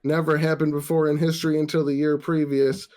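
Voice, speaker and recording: A man's voice: a little high, fairly quick. Profane, ranting podcast host man. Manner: ranting, profane, animated about sports. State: tipsy. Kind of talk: casual podcast rant.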